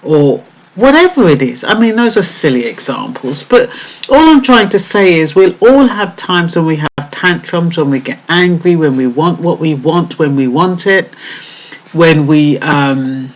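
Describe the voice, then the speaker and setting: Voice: medium pitch, expressive, measured pace, poor audio. A vlogger giving a casual, reflective monologue, thinking aloud with many hesitations and fillers.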